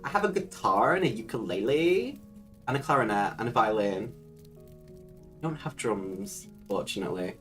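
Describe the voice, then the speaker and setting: Low-voiced chatty woman streamer. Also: lively intonation, moderate pace, soft background music. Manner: chatty, laughs often, swears casually. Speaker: livestream host. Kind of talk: casual livestream chat.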